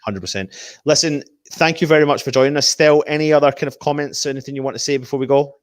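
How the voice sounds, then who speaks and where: A man's voice: mid-range voice, fast, no echo, studio quality. A man hosting a casual fan live stream, reading viewer comments and making match predictions. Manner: animated, reads out viewer comments.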